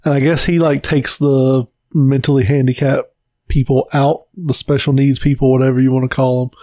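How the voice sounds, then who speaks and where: Male podcast co-host, mid-pitched voice, animated and profane storyteller, dry close mic. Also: normal speed, dry recording. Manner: swears freely, animated storyteller. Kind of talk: casual chat.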